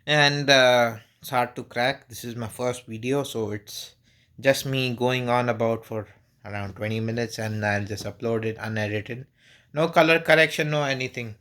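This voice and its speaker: A man's voice: medium pitch, normal speed, a bit bright. A man talking casually and unscripted to camera for his vlog, easygoing and rambling with frequent restarts. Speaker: vlogger. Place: at home.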